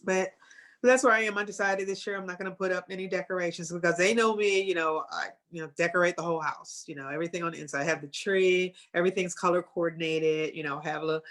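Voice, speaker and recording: A woman on a talk show speaking in a halting, emotional way, repeating herself. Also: on the low side, fairly even intonation, fairly bright tone. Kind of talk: casual talk show conversation.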